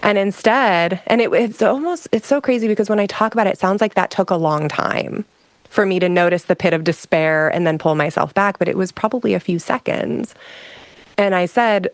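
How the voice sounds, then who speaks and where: Guesting on a talk show, an emotional regulation specialist recounts something personal with candor and reflection, frequently starting her thoughts over. She speaks at medium pitch, a little fast, with no room sound.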